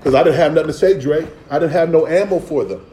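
A man's voice: a little high, quick pace, warm tone, echoey room, a little hiss or hum, rough recording. A man preaching a sermon as pastor, streetwise and playful, with asides and acted-out voices. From Philadelphia.

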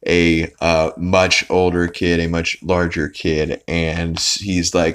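A man's voice: low-pitched, steady tone, slow, hardly any pauses, smooth. A young man casually recapping a cartoon episode, rambling with fillers, restarts and swearing. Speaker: podcast host.

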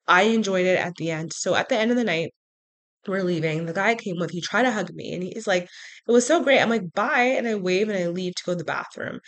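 A woman hosting a podcast, telling a personal story in a frank, animated way with sarcastic asides. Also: lowish voice. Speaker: podcast host. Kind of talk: casual storytelling monologue.

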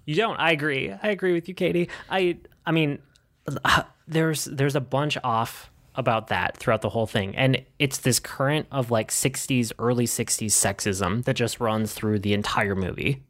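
A man co-hosting a casual movie review podcast, chatting in a relaxed way with plenty of fillers. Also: medium pitch, normal speed. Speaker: podcast co-host.

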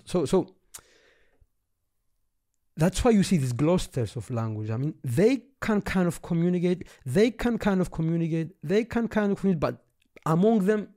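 Give me a male teacher with a warm, darker tone who halts, repeats himself and lets phrases drop away. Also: a little high. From Cyprus. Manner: stammering restarts, trails off softly. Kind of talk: explaining linguistics in conversation.

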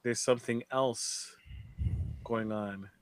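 A male co-host trading blunt, wisecracking takes in podcast chat. His pitch sits in the middle and his delivery is plainspoken. The recording is close and dry. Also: steady tone, slow, clean tone, no room sound. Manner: blunt, joking, repeats phrases. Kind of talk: casual reality-TV recap chat.

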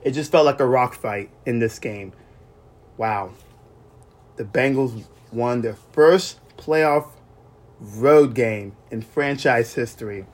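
A man hosting a solo sports podcast, recapping games in an excited, emotional way and often repeating himself. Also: medium pitch, slow. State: recovering from illness. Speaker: podcast host.

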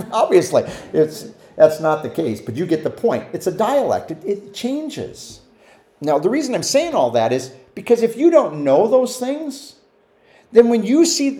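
A man leads a relaxed Bible study in a church room, his mellow voice carrying a roomy echo. He talks in a lively, conversational way, putting questions to the group and acting out little quotes. His voice sits a touch higher than usual for a man. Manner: asks the listeners questions, acts out quotes. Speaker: Bible teacher.

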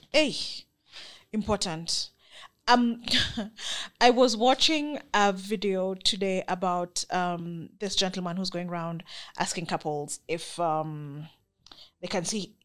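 A young woman with a Kenyan accent giving an earnest, emphatic, faith-filled personal monologue as a vlogger. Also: fairly low pitch.

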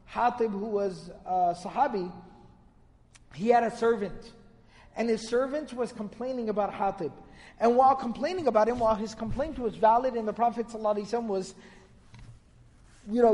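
High-voiced man lecturing in a reverberant hall. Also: a little mellow. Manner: storytelling, quoting Arabic narrations. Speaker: Islamic lecturer. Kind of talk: religious lecture.

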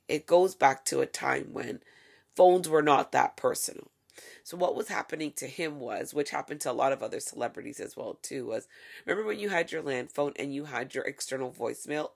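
A woman's voice: low voice, creaky. A woman hosting a casual solo podcast, delivering sarcastic, profane, gossipy commentary. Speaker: podcast host.

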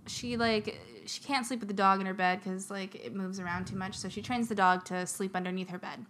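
A woman co-hosting a podcast, telling a scary story in a rambling, giggly way and dropping to a hushed near-whisper. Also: mid-range voice, steady tone, brisk, a little hiss or hum. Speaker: podcast co-host. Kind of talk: casual chat, telling scary stories.

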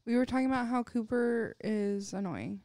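A woman hosts a casual podcast, trading jokes and quick asides in a somewhat high voice. Her delivery is animated and playful. The recording is close and dry. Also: dry recording.

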